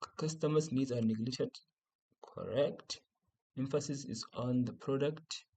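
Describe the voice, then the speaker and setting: Man repeating exam points, mellow voice. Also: medium pitch, unhurried, poor audio. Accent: South African. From South Africa. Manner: repeats key points, asks and answers his own questions. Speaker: teacher. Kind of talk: exam revision lesson.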